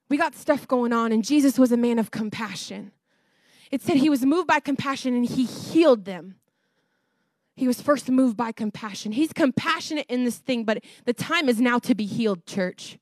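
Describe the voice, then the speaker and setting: At a moderate pace, an animated woman preaches with rising passion, her high voice pushing close to shouting at the peaks. She breaks into frequent laughter between points and talks straight to the congregation, captured in dry, close sound with no echo.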